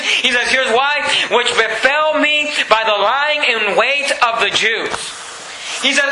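A man's voice: very high-pitched, pushed and bright, echoey room, rough recording. A male pastor preaching verse by verse, repeating phrases with rising emphasis and acting out the apostle's words. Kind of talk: verse-by-verse sermon.

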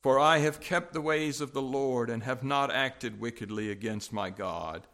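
A male preacher giving a sermon and reading scripture aloud, measured and halting, with frequent fillers. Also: mid-range voice, fairly bright tone.

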